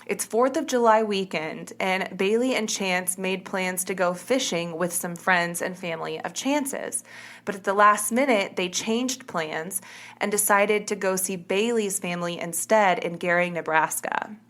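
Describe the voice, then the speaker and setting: A woman in the middle of her range tells a true crime case like she is talking with a friend. She is relaxed and chatty, with plenty of "like" and "kinda", and she stops to fix her own words. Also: medium pitch, a little slow. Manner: chatty, self-correcting, uses "like" and "kinda". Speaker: podcast host. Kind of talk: casual true crime storytelling.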